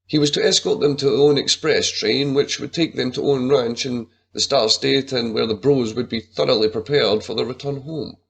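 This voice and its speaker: A man narrating an adventure story in a lively, dramatic reading. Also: mid-range voice, normal speed, vocal fry, hardly any pauses.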